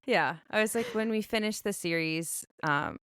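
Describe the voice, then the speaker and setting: A woman's voice: mid-range voice, moderate pace, a bit bright, clear, resonant tone, dry recording, clean studio sound. A woman co-hosting a podcast, rambling through a casual book discussion and recapping the plot at length. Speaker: podcast co-host.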